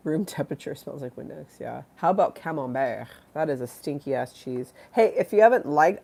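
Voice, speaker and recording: A woman's voice: low voice, gravelly, warm tone. A congested woman hosting a live stream, rambling and giggly as she chats with viewers and reads the chat aloud. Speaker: livestream host.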